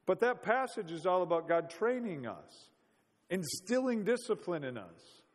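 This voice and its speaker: A man's voice: sits high, sing-song, measured pace, long reverb tail. A man preaching a sermon in a conversational, storytelling way, full of rhetorical questions.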